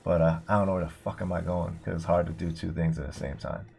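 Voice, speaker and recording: Low-voiced man rambling profanely. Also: fairly even intonation, quick pace, gravelly, warm tone, a little hiss or hum. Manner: rambling, profane, heavy on filler words. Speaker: streamer and bartender. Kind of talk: casual storytelling while livestreaming a game.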